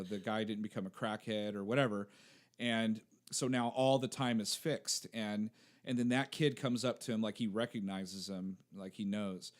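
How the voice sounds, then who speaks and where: A man in his thirties, a podcast host, telling a story in casual chat and acting out quotes with laughter. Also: medium pitch. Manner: animated storyteller, acts out quotes, laughs often.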